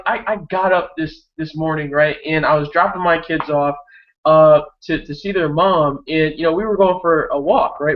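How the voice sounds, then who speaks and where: A young man giving a motivational talk on a video hangout, energetic and repetitive, often tagging "right?" on his sentences. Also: on the high side, highs cut off. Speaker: network marketing coach.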